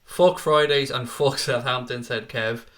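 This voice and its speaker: A man's voice: mid-range voice, steady tone, unhurried, a bit bright. A young man hosts a casual football live stream, reading out viewer comments and calling people mate and pal.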